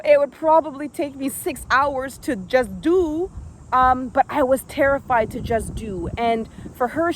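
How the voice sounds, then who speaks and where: Candid woman in her thirties, slightly high. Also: slight background noise. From Canada. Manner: candid and emotional, with frequent fillers. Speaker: former elite gymnast. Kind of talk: personal storytelling vlog.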